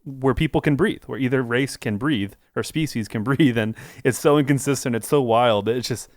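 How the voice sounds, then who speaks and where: A man's voice: medium pitch, moderate pace, no echo, studio quality. A man co-hosting a casual podcast chat, talking in a rambling way with lots of "like"s and restarts. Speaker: podcast co-host.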